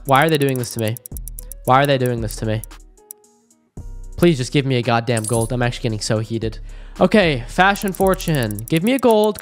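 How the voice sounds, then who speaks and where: A young man narrates his own gambling session for an online audience, swinging between pleading and frustrated groans and swearing freely. His voice sits at an ordinary middle pitch. Faint music plays underneath. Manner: excitable, heavy swearing, pleading and groaning at results. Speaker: online gambling video host. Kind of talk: live gambling commentary to viewers.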